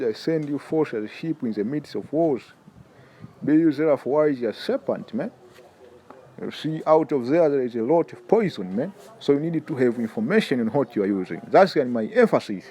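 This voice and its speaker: A man with a Tanzanian accent teaches in an informal preaching style. He is emphatic and repeats himself, stumbling over repeated words and addressing the listener as "man". His voice sits at an ordinary middle pitch. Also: lively intonation, normal speed, warm tone. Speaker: religious health teacher.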